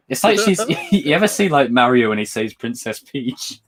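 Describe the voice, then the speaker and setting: A man chatting casually as a co-host, animated and laughing often, slipping into quick impressions. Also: mid-range voice, a little hiss or hum. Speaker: podcast co-host. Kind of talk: casual chat.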